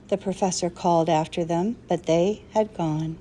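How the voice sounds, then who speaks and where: A woman narrating a children's story in a measured, expressive way. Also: on the low side. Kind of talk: storybook reading.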